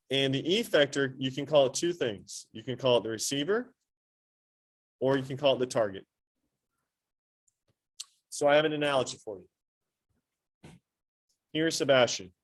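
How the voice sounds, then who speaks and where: A man teaching an anatomy class, quizzing students with quick questions and playful sports analogies. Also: medium pitch. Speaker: high school anatomy teacher.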